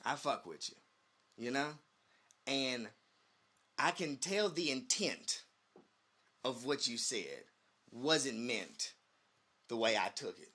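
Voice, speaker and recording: A man co-hosting a casual podcast, telling stories with animated quoted voices. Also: medium pitch, slow pace, pauses often. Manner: animated storytelling, acts out quotes. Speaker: podcast co-host. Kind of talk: casual chat.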